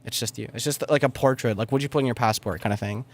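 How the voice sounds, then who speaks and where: A man's voice: mid-range voice, quick pace. A young man talks casually on a music-making livestream, rambling and swearing under his breath. He trails off and mumbles between thoughts as he clicks away at his desk mic. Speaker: music producer streaming.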